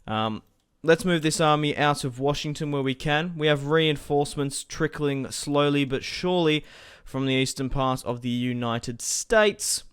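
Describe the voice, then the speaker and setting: A man with a smooth, clear voice commentates casually on his own strategy game. He thinks aloud, drifts into asides to his viewers and fills pauses as he goes, speaking close to a desk microphone. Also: a little high. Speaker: gaming channel host.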